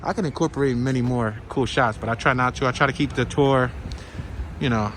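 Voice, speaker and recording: A man narrating a casual walking tour through town, talking to viewers in an excitable, slangy way. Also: mid-range voice, a little fast. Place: outdoors on town streets. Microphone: handheld camera on a gimbal. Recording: outdoor street noise.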